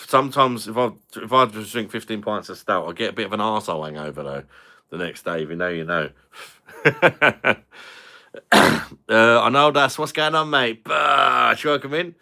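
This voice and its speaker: A man's voice: on the low side, moderate pace, vocal fry, bright, forceful tone. A man chatting crudely with viewers on a beer review livestream, swearing and laughing often. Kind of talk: casual livestream chat.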